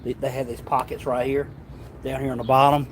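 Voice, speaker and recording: A man with a Southern US accent, telling a travel story to his vlog audience in a rambling, animated way with stammered restarts. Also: medium pitch, fairly quick, a little hiss or hum. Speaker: travel vlogger. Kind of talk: casual storytelling.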